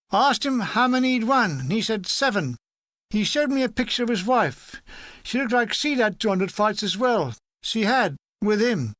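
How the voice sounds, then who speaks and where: A man narrating a comic memoir aloud in a dry, deadpan delivery. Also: extremely high pitch, no room sound. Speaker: audiobook narrator.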